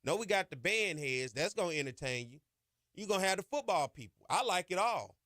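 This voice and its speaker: Fired-up high-voiced podcast host. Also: male voice, expressive, brisk, bright, forceful tone, no room sound, clean studio sound. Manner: emphatic, preachy, colloquial with "y'all" and "ain't". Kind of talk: impassioned sports podcast monologue.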